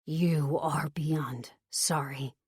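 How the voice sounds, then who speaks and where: Lady narrator doing a fuming older brother from a romance audiobook, low and slow, really dry sound. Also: animated, no echo. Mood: angry. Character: furious protective older brother, adult man.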